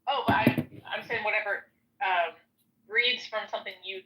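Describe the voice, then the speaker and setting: A woman's voice: medium pitch, moderate pace, low-quality recording. A young adult woman chatting casually on a podcast, hesitant and shy. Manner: shy, soft-spoken, hesitant. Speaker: podcast guest reader. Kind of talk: casual chat.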